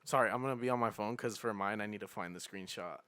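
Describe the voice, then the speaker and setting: A young man hosting a podcast in casual chat, relaxed and quick to laugh. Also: fairly low pitch, clean tone. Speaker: podcast host asking questions.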